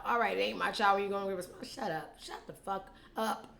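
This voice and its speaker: A woman hosting a casual gossip show, animated and profane, who mocks people with put-on voices. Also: medium pitch, moderate pace, roomy sound. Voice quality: animated, profane, acts out quotes in mocking voices. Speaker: host.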